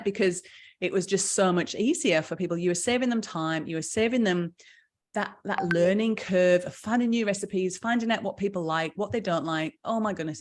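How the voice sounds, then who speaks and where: A middle-aged woman, chatting enthusiastically through a live session as its founder and health coach. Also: lowish voice. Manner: chatty, enthusiastic, with fillers and frequent laughs. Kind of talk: casual live presentation.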